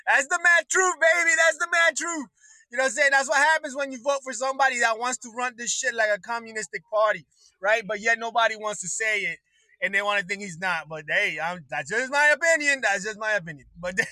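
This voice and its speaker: A man's voice: extremely high pitch, no room sound, poor audio. A man hosting his own livestream, ranting with heavy swearing and frequent laughter. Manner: swearing, laughing between lines, excitable. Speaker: livestream host. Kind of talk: profane political rant.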